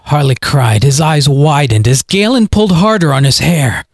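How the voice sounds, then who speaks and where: A man reading his own audio story aloud as its narrator, in a dramatic, expressive way. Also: a little high, normal speed, hardly any pauses, no echo, studio quality. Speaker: podcast author and narrator.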